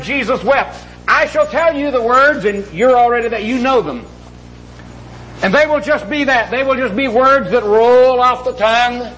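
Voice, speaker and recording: Middle-aged male pastor, strikingly high pitch, sermon delivery with slow emphatic readings and fast asides. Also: bright, forceful tone, a little hiss or hum, poor audio. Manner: emphatic, drawing out scripture slowly then rushing through asides. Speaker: preacher.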